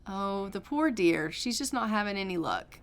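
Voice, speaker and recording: A woman's voice: medium pitch, expressive, moderate pace. Chatty woman narrating a life-sim game. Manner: chatty, voices the characters' lines in a running commentary. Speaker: gameplay narrator. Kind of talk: casual let's-play narration.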